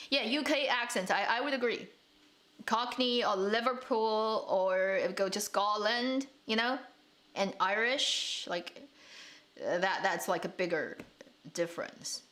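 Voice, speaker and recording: Hosting a relaxed live stream for her drama channel, a Chinese woman answers comments and chats, often laughing and starting sentences over. She speaks at a medium pitch with a slightly bright tone.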